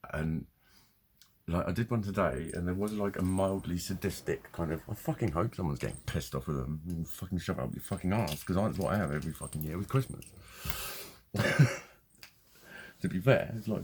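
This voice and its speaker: A man's voice: low-pitched, darkish tone, husky. A man, ranting casually to camera, sweary and rambling, getting heated. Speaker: vlogger.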